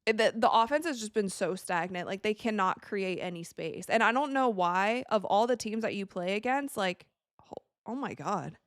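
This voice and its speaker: A woman's voice: mid-range voice, normal speed, no room sound, clean studio sound. A young woman hosting a live watch stream, chatting casually and reacting to the plays as they happen. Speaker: livestream host.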